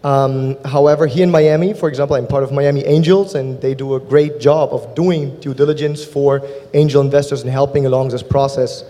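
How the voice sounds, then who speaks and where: A man's voice: medium pitch, fairly even intonation, a little fast, hardly any pauses, dark tone. A man with a German accent speaking as an angel investor on a panel discussion, talking steadily with a few fillers. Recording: long hall reverb.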